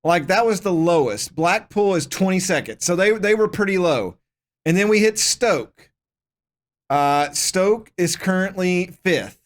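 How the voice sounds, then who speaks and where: Streaming a football management game, a man with a high voice and lively intonation speaks at a measured pace. He chats casually, reading the game's prompts aloud and reacting to them.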